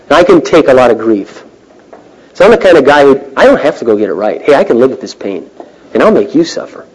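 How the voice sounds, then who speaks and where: A middle-aged man preaching a sermon, swinging from loud, emphatic lines to quiet, hushed asides. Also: mid-range voice, very animated, quick pace, slightly rough, rough recording. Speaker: pastor.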